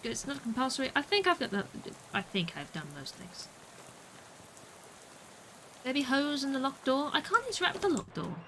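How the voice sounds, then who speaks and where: A woman's voice: sits high, sing-song, normal speed, long pauses, fairly bright tone, slight background noise, rough recording. A woman chatting playfully through a video game on a livestream, muttering to herself and playing with words. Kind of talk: gaming livestream commentary.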